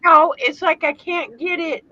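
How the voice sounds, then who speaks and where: A woman's voice: very high-pitched, fairly even intonation, measured pace, bright, forceful tone. A woman explaining sewing problems in a rambling, exasperated way during a casual chat. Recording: dull lo-fi sound.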